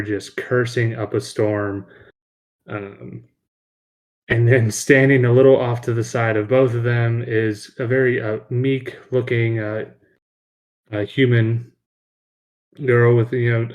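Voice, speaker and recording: Rambling male game master. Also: mid-range voice. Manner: rambling, with many fillers. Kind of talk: narrating a tabletop game.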